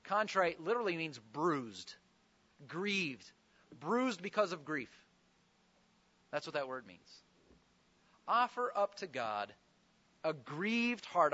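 A man's voice: a little high, pushed and bright, highs cut off. A man preaching a sermon, explaining scripture with earnest, pleading emphasis.

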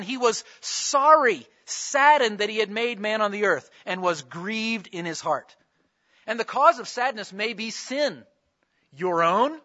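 Guy preaching, high bright voice, kinda muffled lo-fi audio, asks the crowd stuff. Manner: conversational preaching with rhetorical questions. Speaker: pastor. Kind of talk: sermon.

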